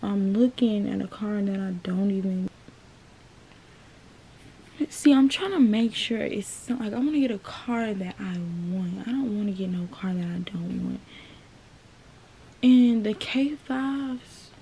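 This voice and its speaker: A young woman talks straight to her viewers from her bedroom, calling them y'all in an easygoing vlog chat. Her voice is mellow and warm, and she speaks at a slow, unhurried pace. A faint hum of room noise sits behind her. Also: medium pitch. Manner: chatty, addresses viewers as y'all. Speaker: vlogger. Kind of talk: casual vlog talk to viewers.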